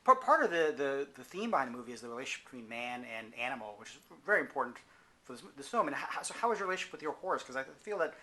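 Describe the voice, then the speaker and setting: A man's voice: medium pitch, sing-song, rapid-fire, sharp tone. A man interviewing an actor, asking rambling questions full of repeated words.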